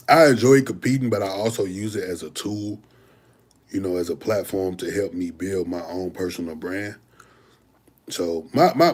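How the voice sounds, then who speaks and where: A man's voice: on the low side, darkish tone. A young man, a bodybuilder hosting a livestream and answering viewer questions in a laid-back, slangy way. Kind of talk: casual livestream Q&A.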